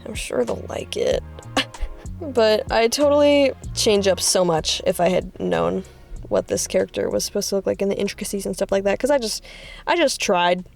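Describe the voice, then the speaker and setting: Woman rambling about her art pieces, mid pitch, jumps way up when excited, faint music behind. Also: normal speed, creaky. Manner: chatty and rambling, with excited high-pitched bursts. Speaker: artist vlogger. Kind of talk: casual art commentary.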